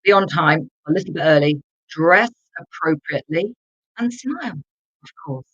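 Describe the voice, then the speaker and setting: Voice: medium pitch, lively intonation, normal speed, a bit bright, husky, no room sound, dull audio. An English teacher giving a live online lesson, repeating key words for learners to copy and calling on viewers in the chat. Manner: addresses viewers in the chat directly.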